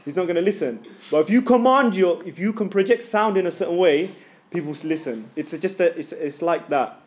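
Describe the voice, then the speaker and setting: A man teaching a tajweed class, joking with students and loudly demonstrating sounds. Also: high voice, brisk. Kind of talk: classroom lesson.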